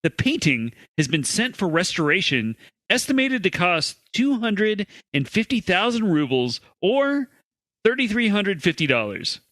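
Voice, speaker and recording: A man's voice: sits high, very animated, measured pace, fairly bright tone, no room sound. A man co-hosting a comedy podcast, reading out odd news stories with dry asides. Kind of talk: casual comedy chat.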